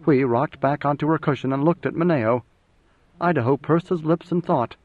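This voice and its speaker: A man narrating a novel in a steady, even storytelling manner. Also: a little high, moderate pace, no echo. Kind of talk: audiobook narration. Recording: dry, slightly dull audio.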